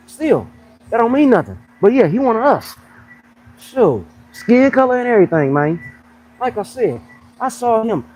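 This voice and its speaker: A man's voice: extremely high pitch, very animated, normal speed, darkish tone, soft background music, rough recording. A young man who coaches fitness, chatting on a casual livestream in a joking, slangy way. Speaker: fitness coach and pro bodybuilder.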